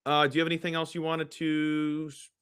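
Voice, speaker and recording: A man's voice: a little high, monotone, a little fast, a bit bright, clean tone. A man co-hosting a sports betting podcast, joking with his partner in breezy banter. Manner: breezy banter, punchy plugs. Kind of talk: casual podcast chat with ad reads.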